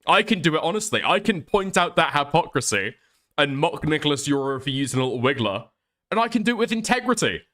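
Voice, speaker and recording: A man's voice: on the high side, sing-song, fast, fairly bright tone. An Irish man streaming live while ill with the flu, reading chat and ranting with lots of swearing and laughter. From Ireland. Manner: profane, ranting, laughing often.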